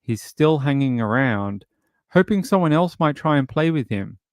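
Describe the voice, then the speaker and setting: A man's voice: fairly high pitch, animated, normal speed, no room sound, studio quality. A man hosting a true crime live stream, reading news and viewer comments with blunt, mocking commentary. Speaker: true crime show host.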